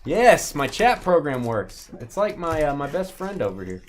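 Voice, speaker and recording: A man calls out buyers and teams on a live card break stream, his pitch swinging up and down with a lively bounce. He rambles through jokes and asides between the names. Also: normal speed, background noise.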